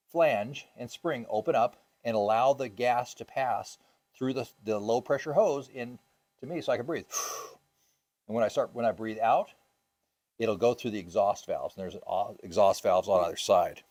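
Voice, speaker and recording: A male scuba instructor talks a class through gear in a classroom. His voice sits at an ordinary middle pitch, and he keeps it casual and upbeat, with plenty of ums and uhs. Now and then he tosses questions out to the group. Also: normal speed, a little mellow. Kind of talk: classroom teaching.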